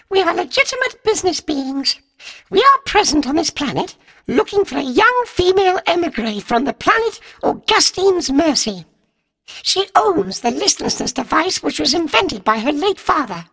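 Brief: a tiny sneering vole alien, shrill quavering falsetto, storybook reading. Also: male voice, very animated, moderate pace, sharp tone, no room sound, exaggerated voice. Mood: pedantic. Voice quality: high, fluting, quavering voice. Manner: pedantic. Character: small furry vole-like alien leader, pedantic, sneering. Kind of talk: audiobook narration.

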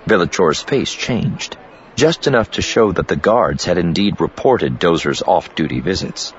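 A man reading scripted narration for an audiobook in a steady, measured way. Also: sits low, highs cut off, slight background noise.

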